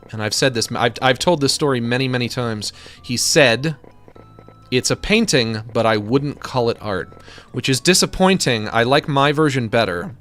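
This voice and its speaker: A man's voice: medium pitch, a bit bright. A man giving casual, rambling commentary while drawing, joking and swearing freely. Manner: rambling, jokey, profane. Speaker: streamer.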